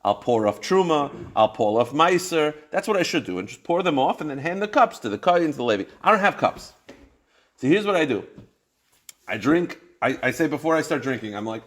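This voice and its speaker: An animated man teaches a Talmud lesson, his voice swinging widely up and down as he acts out each case. It sits a little high for a man. He keeps posing questions and answering them himself, dropping in a sound. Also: fairly quick. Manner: animated, acts out cases in first person, asks and answers his own questions. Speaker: rabbi teaching a Talmud class. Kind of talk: Talmud lecture.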